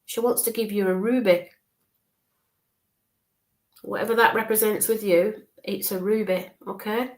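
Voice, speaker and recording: Woman, spiritual medium, live online reading, average pitch, soft and reassuring, repetitive, frequent check-ins. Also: fairly even intonation. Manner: describes visions slowly, checks in with frequent okays.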